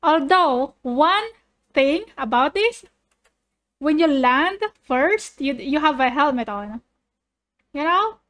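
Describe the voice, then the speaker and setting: A woman giving an excitable video reaction commentary as a VTuber, laughing and exclaiming often. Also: sits high, slow, long pauses. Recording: video's music playing behind.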